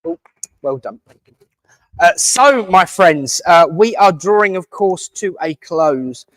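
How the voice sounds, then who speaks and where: A man's voice: high-pitched, animated, takes it slowly, a bit bright, dry recording. A man hosting a church service, giving closing notices in a jokey, teasing, chatty way. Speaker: service host. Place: village hall.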